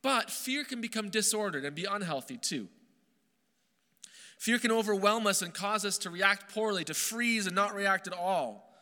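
A man preaching a sermon as pastor, earnest and emphatic, slowing down on key phrases and often restarting his words. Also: high-pitched, expressive, sharp tone, in a large hall.

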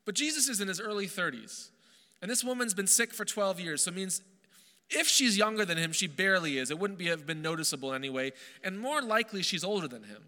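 A man preaching a sermon as pastor, earnest and emphatic, slowing down on key phrases and often restarting his words. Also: high-pitched, expressive, bright, forceful tone, long reverb tail.

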